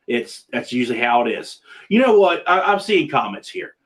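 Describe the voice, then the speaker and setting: A man in the middle of his range, hosting a relaxed video-call talk show. He rambles, stacks up repeated words and restarts his thoughts as he goes. His tone stays conversational and easygoing. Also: mid-range voice, moderate pace. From Pennsylvania. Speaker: podcast host. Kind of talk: casual video call chat.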